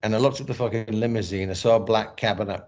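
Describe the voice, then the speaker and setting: A middle-aged man recounts a personal story in a relaxed interview. His voice sits fairly low, and he talks candidly and emotionally, restarting sentences and swearing freely. The recording is dull and lo-fi. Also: fast. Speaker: podcast guest, former boxer and actor. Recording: dull lo-fi sound.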